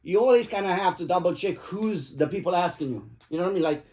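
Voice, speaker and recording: A middle-aged father with a high, slightly mellow voice talks fast as he tells stories to his family at the dinner table. His anecdotes are rambling, profane and jokey.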